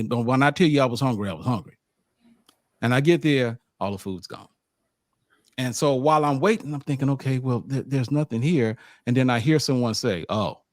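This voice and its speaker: Animated man telling a story. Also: medium pitch, no room sound, studio quality. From United States. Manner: animated, acts out quotes, frequent stammered restarts. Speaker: sports media host. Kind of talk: casual storytelling monologue.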